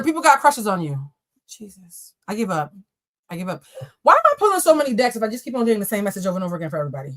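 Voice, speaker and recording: A woman's voice: a little high, fairly bright tone. A young woman reading tarot on a live stream, chatting to viewers with casual, profane jokes and asides. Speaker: tarot reader.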